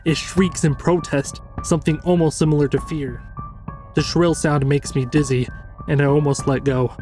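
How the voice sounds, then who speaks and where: A man reading a first-person horror story as scripted narration, measured and tense. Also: fairly high pitch, fairly even intonation, music in the background.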